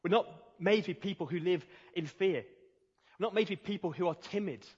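A man preaching a sermon in an earnest, emphatic way, slowing down to stress key phrases. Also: high-pitched, a little mellow, breathy edge. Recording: reverberant hall, dull lo-fi sound.

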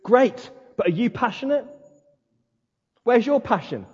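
A man preaching a passionate, emphatic sermon as pastor of his church, with dramatic pauses. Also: extremely high pitch, lively intonation, slightly rough. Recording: dull sound in a hall with long reverb.

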